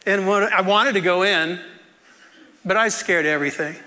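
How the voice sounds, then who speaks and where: A man telling a personal story in a sermon, animated and often laughing as he acts out the people in it. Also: high voice, moderate pace, in a large hall. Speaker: preacher.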